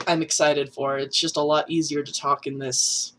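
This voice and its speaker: A man's voice: on the high side, level tone, normal speed, bright, forceful tone. Young trans guy vlogger, nasal voice, chatty and self-mocking, loose and rambling. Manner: chatty and rambling, many fillers, laughs at self. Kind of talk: casual vlog update.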